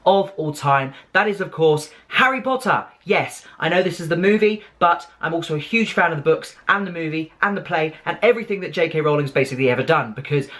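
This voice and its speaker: A young man, chatting to camera as a vlogger in a hyper, gushing way with bursts of squealing excitement. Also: fairly high pitch, a little fast, hardly any pauses. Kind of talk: casual chat to camera.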